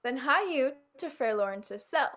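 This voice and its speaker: A woman's voice: sits high, animated, measured pace, a bit bright, full character voice. A woman playing a chatty, fussy old nurse with a teasing, giggling manner in a video-call reading. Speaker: actor. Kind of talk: virtual staged reading.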